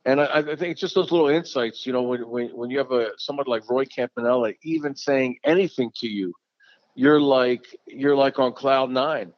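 A man of middle pitch reminisces in an easygoing tone, repeating phrases and tossing in "man." The sound is dull and lo-fi, and dry and close. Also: normal speed, no room sound. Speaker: former catcher, interview guest. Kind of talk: casual storytelling.

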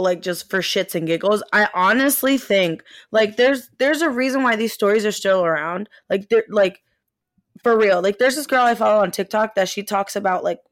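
A young woman co-hosting a podcast, telling a story in casual chat, animated and swearing, with lots of fillers. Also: medium pitch, normal speed, no room sound, studio quality. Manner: animated, swears a lot, many fillers, laughs while telling. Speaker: podcast co-host.

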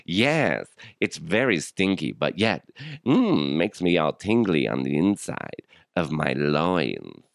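A man with a sick, rough throat voicing a perverted fake British man in a mock British accent, with a slow, prim delivery. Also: very deep voice, very animated, dry recording, studio quality, voice pushed down, exaggerated voice.

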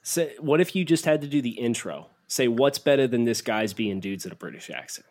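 A man's voice: mid-range voice, expressive, a little fast, darkish tone. A man co-hosting a casual sports podcast, reading listener takes and teasing his partner. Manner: teasing, joking. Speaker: podcast co-host.

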